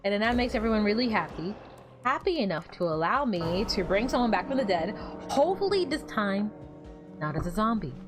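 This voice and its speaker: A woman's voice: medium pitch, big pitch swings, a little fast, music in the background. A woman streaming a game with wry, joking commentary. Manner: wry, joking, sings silly bits. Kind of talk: casual gameplay commentary.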